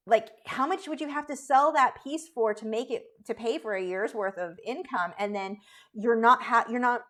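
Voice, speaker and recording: A woman's voice: on the high side, fairly bright tone. A woman art instructor chatting casually on a live painting stream, reading out and answering viewer questions in a rambling way.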